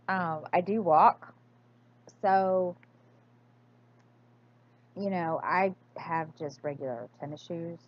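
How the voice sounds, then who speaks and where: Woman vlogger, slow and hesitant delivery, muffled home recording. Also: low-pitched, a little hiss or hum. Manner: hesitant, many fillers and restarts. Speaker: crafting vlogger. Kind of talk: casual accent-tag chat.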